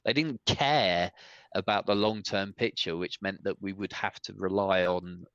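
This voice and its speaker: A man hosting a casual podcast chat, talking in animated, opinionated rants. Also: deep voice, unhurried, clean tone, dry recording. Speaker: podcast host. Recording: dull, dry podcast mic.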